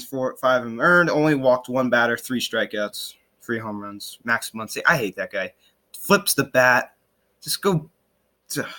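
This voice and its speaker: A young man hosting a casual sports podcast, talking in an animated, frustrated way with sarcastic asides and lots of fillers and restarts. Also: mid-range voice. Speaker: podcast host.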